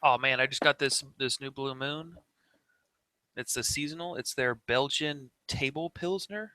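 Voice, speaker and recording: A podcast co-host chatting casually in a low-key way, full of dry teasing. The voice sits at a middle pitch. It is recorded close and dry. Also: measured pace, bright, forceful tone, no room sound. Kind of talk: casual chat.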